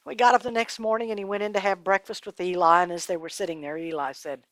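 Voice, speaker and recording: A woman telling a Bible story to children in an animated, dramatic way, dropping her voice to a hush at times. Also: mid-range voice, fast, few pauses, no echo.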